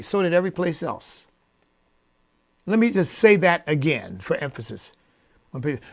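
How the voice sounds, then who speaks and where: A man hosting a radio show, delivering a preacherly opinion monologue that swings from low asides to loud, emphatic peaks. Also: very animated, unhurried, vocal fry, pauses often.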